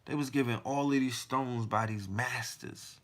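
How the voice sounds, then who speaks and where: A man's voice: medium pitch, steady tone, moderate pace, a bit bright, a little hiss or hum. A man hosting a podcast, delivering a heated, profane monologue full of rhetorical questions. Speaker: podcast host.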